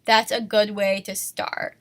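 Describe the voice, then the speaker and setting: Bright-voiced woman, slow and sick. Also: mid-range voice, level tone. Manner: self-conscious, laughs at herself, apologetic. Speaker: art tutorial host. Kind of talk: casual art lesson.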